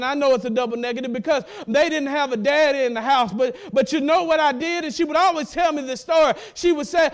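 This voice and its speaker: A man's voice: very high-pitched, fast talker, few pauses. A middle-aged man, preaching a sermon with emphatic repetition. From central Mississippi. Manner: emphatic preaching, repeats words, warm laughs. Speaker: pastor.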